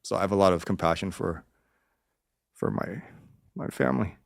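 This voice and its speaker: A man's voice: deep voice, normal speed, creaky, dry recording, studio quality. A man in his forties, a podcast guest telling stories in a rambling, profane way, acting out quotes in a raised voice. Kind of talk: casual storytelling interview.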